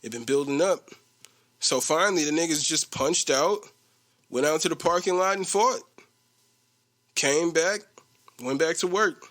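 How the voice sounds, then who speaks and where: Young guy ranting on his podcast, slangy, laughs a lot, voice on the higher side. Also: unhurried, pauses often. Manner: animated, slangy, mimics coworkers with a low voice; laughs often. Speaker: podcast host. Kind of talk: casual storytelling rant.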